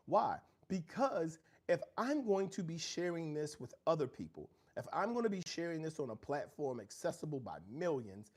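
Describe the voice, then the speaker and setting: On his motivational livestream from home, a middle-aged man reads out viewer chat and preaches earnestly about growth and challenge. His voice is a little high, darkish in tone, and slightly rough.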